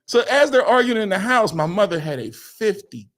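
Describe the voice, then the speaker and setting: A man's voice: sits high, very animated, normal speed, a bit bright. A man co-hosting a casual chat, telling a family story with sound effects and voices and laughing often as he talks. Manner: laughs often while talking. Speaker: podcast co-host.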